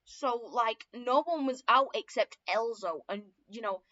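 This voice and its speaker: A woman's voice: on the high side, a little slow, bright, forceful tone. Young woman rambling through her story. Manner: profane, rambling, many fillers and self-corrections. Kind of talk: casual rambling lore telling. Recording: dull lo-fi recording.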